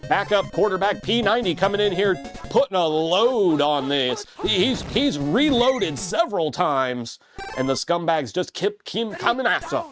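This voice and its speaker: A man doing excitable, comedic play-by-play commentary on a video game football match, with crude jokes and shouts on big plays. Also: high-pitched, unhurried, over music.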